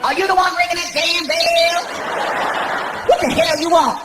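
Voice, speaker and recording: A man's voice: very high-pitched, big pitch swings, brisk, voice pushed up. A man putting on a sassy, scolding night clerk woman. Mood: annoyed. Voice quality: scolding, brassy, loud. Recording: live club with loud crowd noise.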